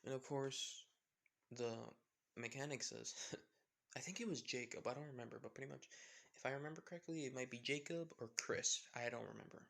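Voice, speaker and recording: A man's voice: mid-range voice, normal speed, gravelly, a bit bright. A man casually retelling a fan story, rambling with fillers and self-corrections.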